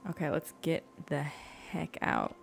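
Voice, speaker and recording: Woman playing a cozy game at home, soft gushy commentary, lots of gasps and whispers, voice swoops all over. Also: sits low, huge pitch swings, slow pace, gravelly, faint music behind. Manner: soft, gushing reactions, gasps and drops to whispers. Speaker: gaming YouTuber. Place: home room.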